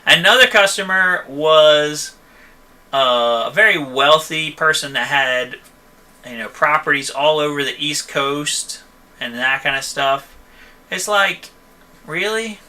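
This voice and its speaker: Bright-voiced, chatty male shop owner. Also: fairly high pitch, a little slow. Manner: chatty, rambling, frequent "okay?" and "you know". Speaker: host answering viewer questions; van repair shop owner. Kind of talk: casual live-stream chat.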